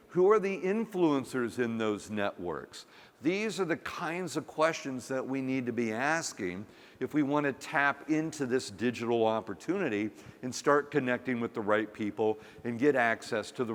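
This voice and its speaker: In a conference hall with long reverb, a man gives a humorous keynote, telling a story and acting out the quotes. His mid-range voice is animated and moves at a moderate pace.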